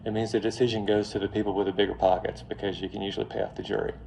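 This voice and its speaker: A man lecturing on finance in a classroom, telling a story in a lively, joking way straight to his students. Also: fairly low pitch, very fast, creaky, slight background noise. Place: classroom before a live audience.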